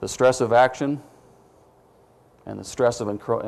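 Male preacher, gravelly, conversational sermon delivery that quizzes the congregation with questions. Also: mid-range voice, steady tone, a little slow, a little mellow. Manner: self-deprecating asides.

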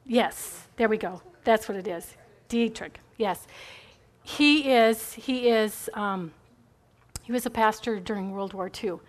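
A woman's voice: mid-range voice, slow pace. A middle-aged woman giving a chatty, rambling faith talk to a group, encouraging and full of asides.

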